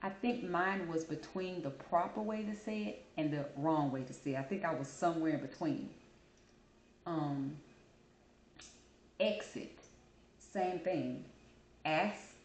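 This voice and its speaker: A woman with a lowish voice talks straight to her camera in a casual, animated way, telling a personal story. Her voice carries a noticeable echo from the room around her. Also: unhurried, slight background noise. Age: adult. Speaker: channel host. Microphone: camera mic. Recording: roomy echo.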